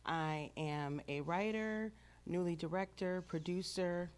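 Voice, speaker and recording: A woman interviewed as a guest in a TV studio, introducing herself in a measured, pausing way. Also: lowish voice, steady tone, a little mellow, clear, resonant tone. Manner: measured, pausing between words. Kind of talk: interview answers.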